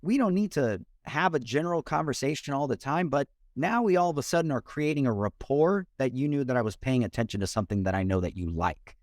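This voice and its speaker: A man, a mortgage loan officer and podcast guest, talking in an energetic, expressive way over a remote call. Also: mid-range voice, fairly quick, few pauses, no echo, studio quality. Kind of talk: casual interview talk.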